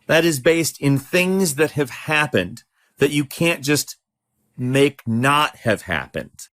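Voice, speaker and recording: A man's voice: on the high side, expressive, takes it slowly, a bit bright. A man co-hosting a podcast, arguing his political points in a heated, emphatic way. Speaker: podcast co-host. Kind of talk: casual political discussion.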